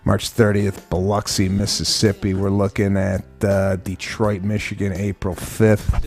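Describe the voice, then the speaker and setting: A man's voice: on the low side, completely flat delivery, a little slow, darkish tone, faint music behind. A man co-hosting a comedy podcast, ranting animatedly and acting out little scenes. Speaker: podcast co-host. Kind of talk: casual comedy chat.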